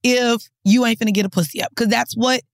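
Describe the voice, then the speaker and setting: A woman's voice: a little high, steady tone, fairly quick, no echo, clean studio sound. A woman from New York co-hosting a podcast, talking in a blunt, profane, emphatic way. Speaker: podcast co-host. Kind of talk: casual chat.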